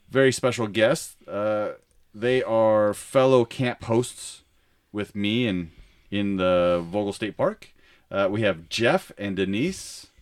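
A man's voice: medium pitch, clean tone. A man hosting a casual interview, friendly and jokey, laughing often. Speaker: host.

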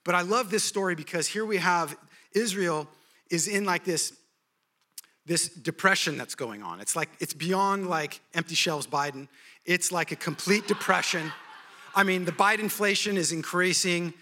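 Bright-voiced, animated male preacher. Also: high-pitched, moderate pace. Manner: animated storytelling with humor. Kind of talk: sermon.

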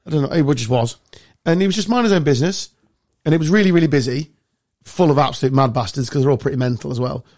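A man hosting a casual podcast, telling sweary, animated stories. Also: mid-range voice, fast talker. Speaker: podcast host. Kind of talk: casual chat.

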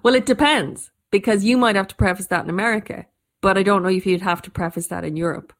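An Irish woman who tells stories, chatting casually in quick, animated bursts with frequent restarts. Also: mid-range voice. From Ireland. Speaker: storyteller. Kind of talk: casual conversation.

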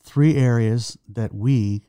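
A man's voice: mid-range voice, warm tone, clean tone, dry recording, clean studio sound. A man co-hosting a faith talk show, adding everyday illustrations and recapping the main points. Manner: recaps points and draws sports illustrations, quick asides. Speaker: co-host.

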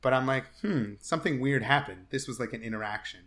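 A man co-hosting a casual podcast, telling a story in an animated way, acting out the quotes and laughing often. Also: medium pitch, fast. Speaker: podcast co-host.

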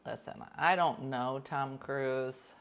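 A woman hosting a casual chat, telling rambling stories with quick whispered asides. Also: rumbling low, steady tone.

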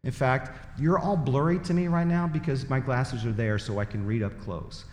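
A man's voice: medium pitch, moderate pace. A male pastor delivering a sermon to his church, speaking conversationally with dry, self-deprecating humor. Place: church sanctuary. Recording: echoey church hall.

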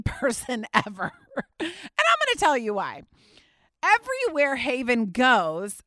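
A woman, hosting a podcast and telling a story in a chatty, animated way with frequent laughs. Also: high-pitched, no room sound, clean studio sound. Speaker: podcast host. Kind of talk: casual storytelling monologue. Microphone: studio mic.

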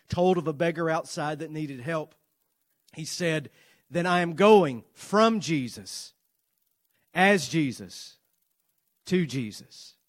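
A pastor preaching to his congregation, earnest, with dramatic swings between loud emphasis and soft, quiet lines, and playful asides. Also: on the high side. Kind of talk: sermon.

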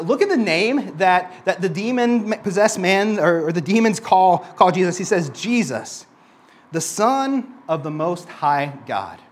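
High-voiced man preaching casually. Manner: conversational, fillers of "like", repeats words when restarting. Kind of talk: sermon.

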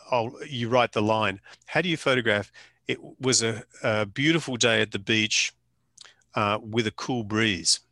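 Forceful Australian man spinning yarns. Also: medium pitch, no echo. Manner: colourful, anecdotal, with mild swearing and slang. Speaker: photographer. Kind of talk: storytelling interview chat.

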